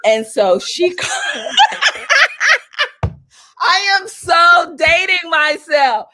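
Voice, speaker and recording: A woman from North Carolina, a celebrity publicist telling stories as an interview guest, animated and acting out what people said in a raised voice. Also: extremely high pitch, very slow, slight background noise. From North Carolina, USA. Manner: animated, acts out quotes in a raised voice. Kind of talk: storytelling in an interview.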